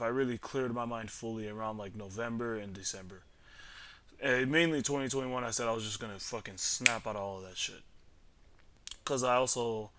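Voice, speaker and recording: A man's voice: medium pitch, fairly bright tone. A young man telling a story in a casual, rambling way, slangy and profane with lots of fillers. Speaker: vlogger.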